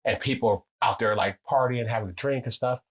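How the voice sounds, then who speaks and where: A man telling long, animated stories in casual chat, swearing freely and acting out what others said. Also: fast talker, lo-fi sound. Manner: animated, profane, acts out quotes with big pitch jumps.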